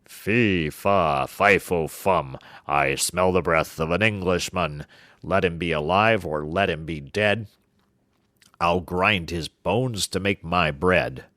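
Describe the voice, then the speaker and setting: A huge storybook giant with a slow, booming roar, as a male narrator puts him on. Every word lands loud and heavy, with a deep, dry edge. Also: no echo. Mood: menacing. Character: huge roaring man-eating male giant.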